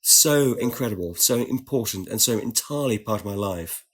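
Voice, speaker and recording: A British man tells a story with real animation, his pitch rising and falling all the time. He quotes people in changed voices as he goes, and the talk flows like easy conversation with a host. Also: a little fast. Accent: British English. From Britain. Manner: lively, puts on voices when quoting people. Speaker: guest.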